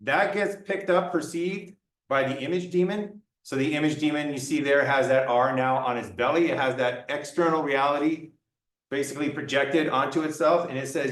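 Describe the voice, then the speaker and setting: A man's voice: a little high, normal speed. A man giving a classroom lecture in a playful way, acting out examples for students. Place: lecture room. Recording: roomy lecture room, mic far off.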